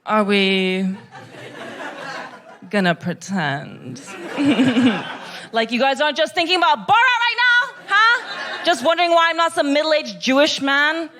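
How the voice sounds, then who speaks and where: A woman from Kazakhstan doing stand-up in a comedy club, her voice sitting high. She drawls her lines slowly, gushing with mock sweetness that turns every compliment sarcastic. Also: animated, crowd noise.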